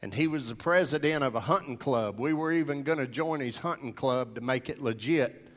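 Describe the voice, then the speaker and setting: A man, an earnest preacher telling a personal testimony to a gathering of men in animated storytelling fashion. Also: medium pitch, a little fast, in a large hall.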